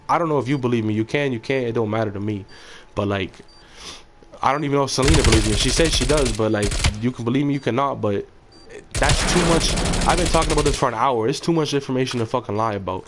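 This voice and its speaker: A man's voice: medium pitch, fast talker. A young man streaming a game, rambling in profane casual chat full of fillers. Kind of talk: casual chat while gaming. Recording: game gunfire noise behind.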